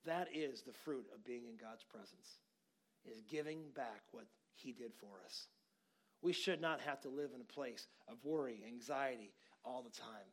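A man's voice: medium pitch, a little slow. A man preaching a sermon, telling a story conversationally and building to emphatic encouragement. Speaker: pastor.

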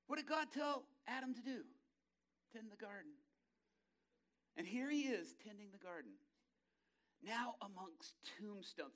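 Man, preacher, sermon, high voice, bright tone, dramatic storytelling, acts out voices. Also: animated, moderate pace, long pauses. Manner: dramatic storytelling, swinging from hushed low tones to loud bursts.

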